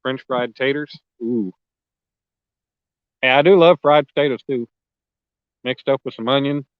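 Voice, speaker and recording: A man talks in a casual, easygoing way while hosting a fishing livestream, now and then clearing his throat. His voice is smooth and clear at a middle pitch. The sound is dry and close, with a slightly muffled, lo-fi quality. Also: unhurried, dry recording. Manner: laid-back, frequent throat clearing, reads chat aloud. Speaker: livestream host. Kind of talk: casual chat with live viewers. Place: outdoors at a riverbank at night.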